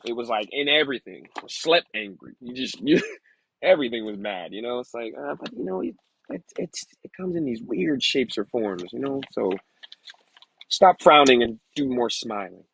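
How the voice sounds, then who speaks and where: A man reading aloud slowly, sounding out hard words, then talking candidly and casually about his past. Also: mid-range voice, animated, vocal fry, fairly bright tone, breathy edge, poor audio. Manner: slow halting sounding-out of words, then candid rambling asides. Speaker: vlogger learning to read.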